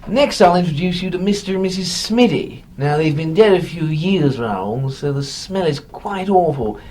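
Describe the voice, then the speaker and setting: A woman's voice: low voice, lively intonation, normal speed, mellow, slight background noise. A woman voicing a pompous, condescending severed head of a male cemetery landlord.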